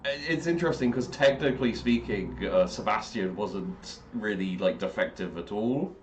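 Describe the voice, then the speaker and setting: Low-voiced man chatting casually. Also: lively intonation, moderate pace, a little hiss or hum. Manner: rambling, with many fillers and restarts. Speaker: game master. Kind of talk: casual aftershow chat.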